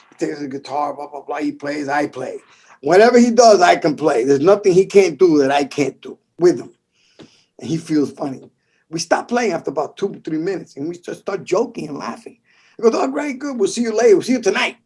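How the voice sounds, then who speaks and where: A middle-aged man from the Bronx with a New York accent, telling stories in a casual interview, animated and swearing, acting out the voices of people in them. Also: fairly high pitch, slightly rough. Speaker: guest percussionist.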